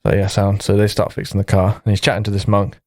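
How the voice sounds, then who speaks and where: A man's voice: fairly low pitch, completely flat delivery, rapid-fire, creaky, a little mellow, dry recording, clean studio sound. A man co-hosting a comedy podcast, telling a long joke in a rambling, casual way with lots of fillers. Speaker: podcast co-host.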